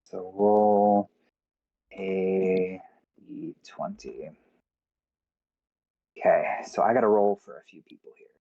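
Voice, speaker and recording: A man's voice: on the low side, creaky, mellow, dull audio. A man running a tabletop game as game master on a live stream, hesitant with frequent ums. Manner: hesitant, with many ums and restarts.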